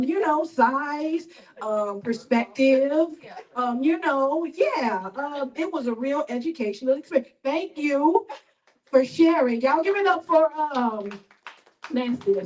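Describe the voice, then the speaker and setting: High-voiced chatty woman emcee. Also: darkish tone, poor audio. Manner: loose and chatty, many fillers. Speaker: open mic host. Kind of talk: casual emceeing.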